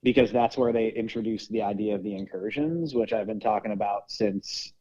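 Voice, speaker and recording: A man's voice: fairly low pitch, fairly quick, mellow, highs cut off. A man co-hosting a casual podcast, explaining and speculating at length. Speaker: podcast co-host. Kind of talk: casual review chat.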